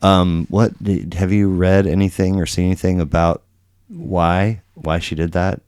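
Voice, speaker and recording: A middle-aged man hosts a casual podcast chat. His voice sits very low and has a smooth, clean tone, recorded dry with no room sound. He wanders through his thoughts and restarts his sentences often. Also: steady tone, a little slow, a little mellow, no echo. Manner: rambling, many restarts and fillers, acts out quotes. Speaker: podcast host. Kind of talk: casual conversational interview.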